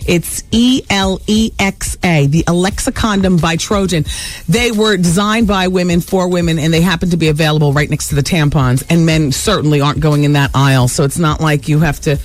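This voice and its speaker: A woman's voice: low-pitched, fairly quick. A woman hosting a radio talk show, chatting candidly with callers and listeners and laughing easily.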